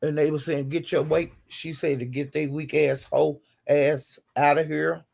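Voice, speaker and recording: A man with a gravelly, creaky edge in his voice, pitched somewhat high for a man. He talks in a loose, chatty way, bluntly retelling who said what to whom as a casual host. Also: level tone, a little slow, a little mellow. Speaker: host recapping livestream drama. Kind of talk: casual gossip chat.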